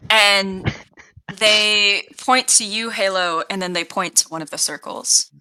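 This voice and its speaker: Woman running a tabletop game, lots of ums, bright voice. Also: mid-range voice, measured pace, smooth, rough recording. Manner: hesitant, filler-heavy narration. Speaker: game master.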